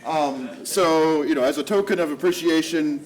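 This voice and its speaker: A man's voice: on the high side, normal speed, heavy background noise. A man organizing a symposium, casually announcing the closing ceremony with hesitant fillers. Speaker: event organizer. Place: lecture hall.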